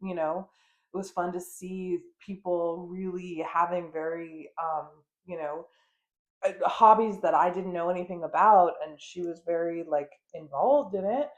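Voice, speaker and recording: A woman's voice: lowish voice, a little slow, dull audio. A young adult woman from the United States hosting a podcast, chatting frankly with lots of fillers and the odd swear. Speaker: podcast host. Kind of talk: casual chat.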